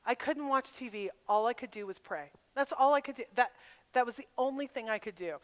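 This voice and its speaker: A woman's voice: fairly high pitch, brisk, fairly bright tone. A middle-aged woman speaking at a women's retreat, telling a personal testimony with candid emotion and putting direct questions to her listeners. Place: camp meeting hall. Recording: live hall with long reverb.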